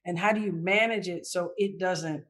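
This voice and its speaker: Woman guest telling a lively personal story. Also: lowish voice, normal speed. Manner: animated, reenacts her own past thoughts.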